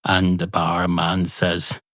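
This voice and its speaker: Rambling man, low voice. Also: monotone, fairly bright tone, no echo. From Ireland. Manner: rambling, absurd, sweary, does quick voices for the characters in his bits. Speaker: podcast host. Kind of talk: improvised comic monologue.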